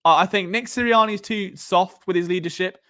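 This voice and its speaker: A young man with a southern English accent hosts a casual live stream, chatting through his thoughts at length. He rambles, often stops to restart sentences, and leans on fillers, and his voice sits a little high for a man. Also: fairly quick, bright, forceful tone. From England. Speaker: podcast host.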